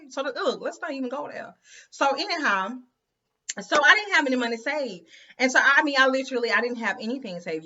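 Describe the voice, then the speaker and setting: A woman's voice: high-pitched, pushed and bright, dull audio. A woman telling her story to viewers in a chatty, emphatic way, often calling them "you guys" and "girl". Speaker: host of an inspirational women's channel.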